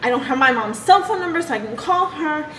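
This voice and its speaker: A young woman telling a personal story from her childhood in a halting, emotional way. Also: high-pitched, lively intonation, a bit bright. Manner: emotional, halting retelling with restarts. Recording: echoey room with background noise.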